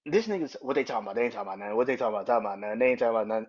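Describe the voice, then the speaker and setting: A man of middle pitch hosts a casual podcast, speaking bluntly and with plenty of profanity. His delivery keeps tipping over into loud, incredulous ranting. The recording sounds a little dull and lo-fi. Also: animated, racing, hardly any pauses. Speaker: podcast host.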